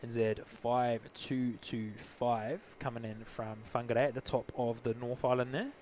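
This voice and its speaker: A man's voice: medium pitch, flat delivery, moderate pace, darkish tone, slight background noise. Chatty New Zealand man spotting planes. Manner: chatty, greets viewers, upbeat slang. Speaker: livestream host, plane spotter. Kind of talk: casual live commentary. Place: outdoors near an airport.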